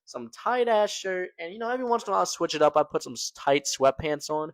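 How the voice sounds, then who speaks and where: A man's voice: sits high, lively intonation, fast talker, no room sound. A young man casually telling a personal story to his viewers, slangy and loose, tossing in "man" and "right?" as he goes. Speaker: storytelling vlogger.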